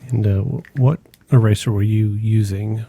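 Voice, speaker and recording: A man off camera asking brief, low-key questions during a painting lesson. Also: fairly even intonation, moderate pace, creaky, warm tone. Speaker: off-camera helper. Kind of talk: casual chat. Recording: distant from the mic with background noise.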